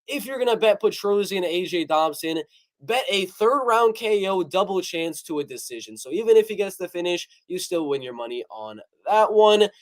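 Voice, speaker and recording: Young male livestream host, high voice, casual and jokey, reads out chat comments. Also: expressive, normal speed. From North Carolina. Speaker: MMA prediction livestream host.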